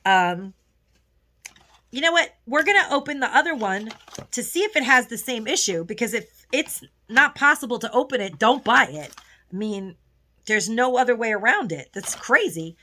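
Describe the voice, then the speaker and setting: In a casual haul video at home, a woman beauty vlogger gushes about lipsticks and often restarts her sentences. Her voice is a little high, expressive, pushed and bright, at a normal speed.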